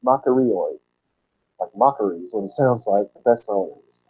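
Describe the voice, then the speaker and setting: A man teaching from the Bible in a sermon style, explaining word roots and repeating key words slowly for emphasis. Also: on the low side, breathy edge. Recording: dull lo-fi recording.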